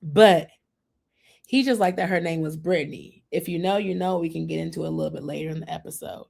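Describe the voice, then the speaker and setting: A woman's voice: low-pitched, brisk, creaky, darkish tone. Chatty woman hosting a TV recap. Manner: chatty and opinionated, acts out quotes from the show. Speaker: host. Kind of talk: casual TV recap chat.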